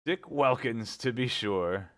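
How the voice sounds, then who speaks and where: A man voicing a miserly old man revisiting his past, wistful and sometimes excitable. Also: medium pitch, slow pace, close to an everyday voice. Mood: excited.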